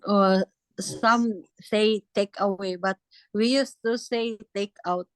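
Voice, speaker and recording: A woman taking part in a lesson as a student, softly repeating the words the teacher gives. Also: medium pitch, steady tone, takes it slowly.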